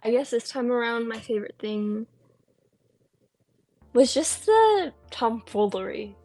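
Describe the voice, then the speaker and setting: A woman's voice: a little high, sing-song, measured pace, a little mellow. A woman co-hosting a casual film podcast, talking eagerly with lots of ums. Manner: enthusiastic, chatty, lots of ums. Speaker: podcast co-host.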